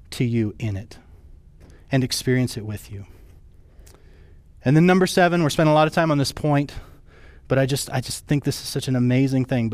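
A man preaching a sermon as pastor, his voice rising high and falling low for emphasis. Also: darkish tone, dry recording.

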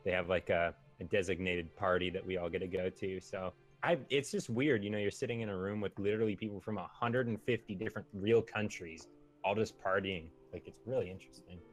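A man's voice: deep voice, steady tone, brisk, soft background music. A young man chatting as a guest, talking loosely with lots of filler words. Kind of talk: casual chat.

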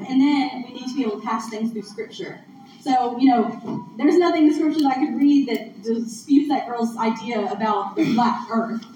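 A woman's voice: on the high side, moderate pace, dark tone. A woman giving a conversational, earnest sermon at a church gathering, recorded from a distance in a large hall. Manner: conversational, earnest, laughs along with audience. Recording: distant echoey room mic, muffled, noisy.

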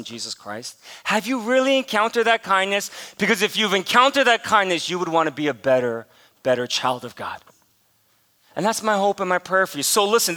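A man's voice: high voice, sharp tone. A middle-aged man preaching a sermon as pastor, mixing a humorous personal story with emphatic teaching. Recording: long hall reverb.

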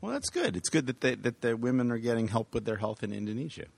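A man's voice: mid-range voice, sing-song, quick pace, creaky, a little mellow, breathy edge, dry recording. A man co-hosting a podcast, chatting casually with sardonic, teasing wit. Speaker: podcast co-host. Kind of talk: casual chat.

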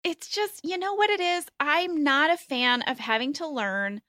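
A woman's voice: high voice, unhurried, sharp tone, no room sound, studio quality. A woman co-hosting a podcast clip, chatting playfully and teasing her co-host. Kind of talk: casual chat.

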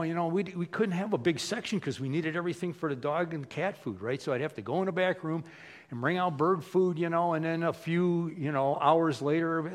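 A pastor gives a casual, conversational sermon, acting out little quoted voices as he tells stories. His voice is fairly high and fairly quick.

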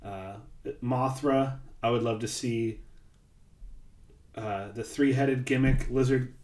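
A man's voice: mid-range voice, fairly even intonation, slow pace, a little mellow. Laid-back male podcaster in an echoey room. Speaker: podcast co-host. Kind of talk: casual chat. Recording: roomy echo.

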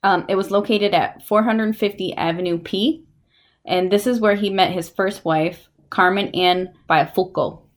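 A woman's voice: medium pitch, normal speed. A young woman co-hosting a casual true-crime podcast, telling the story with crude jokes and lots of swearing. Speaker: podcast co-host.

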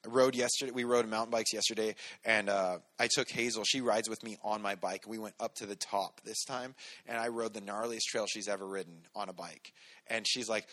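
A man, a pastor, giving a relaxed, conversational sermon with everyday stories. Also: fairly low pitch, a little fast. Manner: relaxed, storytelling, talks to the congregation directly.

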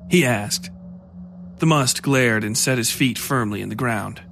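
Male narrator, horror podcast, steady mid-range storytelling over soft music. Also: mid-range voice, unhurried, creaky.

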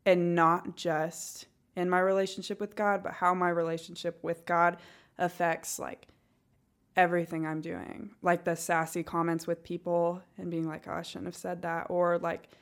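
A woman's voice: on the low side, little pitch movement, unhurried. A woman with a Northwest Arkansas accent, chatting casually and giggling often, thinking aloud with many fillers. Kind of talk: casual podcast chat.

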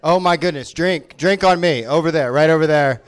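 A man's voice: fairly high pitch, moderate pace, clear, resonant tone. A man from Memphis, doing live stand-up on stage in a small venue, rambling energetically and laughing at his own jokes. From Memphis, Tennessee. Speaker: stand-up comedian.

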